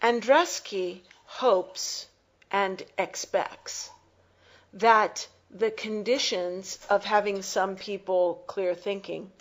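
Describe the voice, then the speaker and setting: Woman teacher, unhurried close-reading lesson, mid-pitched voice, measured and explanatory. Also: poor audio. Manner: slow, deliberate, pausing to explain and reread.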